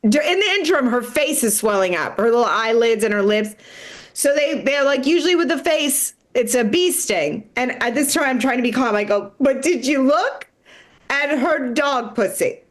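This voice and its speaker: A woman with a high voice tells a comic story on a live stream. She talks in an animated, profane way and laughs her way through the telling. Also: moderate pace. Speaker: comedian.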